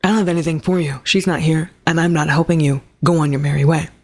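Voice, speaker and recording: A woman's voice: low voice, steady tone, fast. A woman voicing an indignant young woman who snaps back at an old bully. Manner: sharp, indignant. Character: young woman, bitter and defiant.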